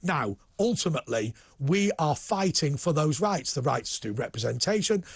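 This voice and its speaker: A middle-aged British man hosting a political TV interview, animated and prone to restarting his sentences. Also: on the high side, normal speed, vocal fry, slightly rough, dry recording. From United Kingdom. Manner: animated, repeats words when starting sentences. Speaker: TV host and political commentator. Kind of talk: casual studio interview.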